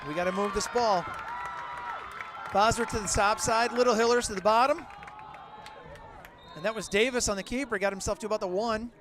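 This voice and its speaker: A middle-aged man calling a local high school football game as play-by-play announcer, openly rooting for the home team and shouting on big plays. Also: a little fast, pauses often. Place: outdoors at a football field. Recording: crowd and outdoor noise behind. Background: crowd noise from the stands.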